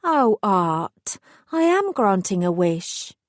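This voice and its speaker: A woman's voice: mid-range voice, takes it slowly, no room sound, clean studio sound. A woman playing a cooing, menacing fairy godmother. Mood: mocking. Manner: cooing, teasing, calm menace. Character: coolly cruel female fairy godmother, mocking.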